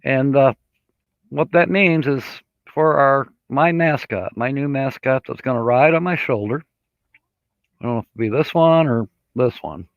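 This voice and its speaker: Here a man of medium pitch chats on a casual live stream, drifting along and reading comments from his viewers. His pace is slow and relaxed, full of fillers, in a dry room with dull lo-fi audio.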